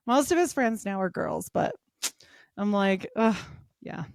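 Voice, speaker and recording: A woman's voice: medium pitch, slow, gravelly, pauses often, dry recording, studio quality. A middle-aged woman chatting as a podcast guest, telling stories with lots of laughter and acted-out quotes. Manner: animated storytelling, laughing often, acting out quotes. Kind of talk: casual chat.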